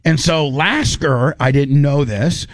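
A man's voice: on the high side, slow pace, no room sound. A man telling a rambling, comic story in a casual chat. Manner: rambling, animated, restarts often.

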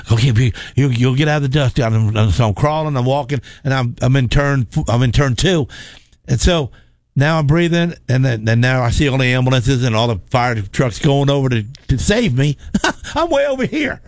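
A man's voice: medium pitch, moderate pace, darkish tone, dry recording. A man telling a racing story in casual chat, rambling, repeating words and laughing. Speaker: race car driver telling stories.

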